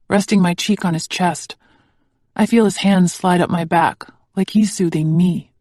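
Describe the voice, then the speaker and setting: Even-toned audiobook narrator, dry sound. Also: mid-range voice, a little slow, dry recording. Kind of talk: scripted first-person narration.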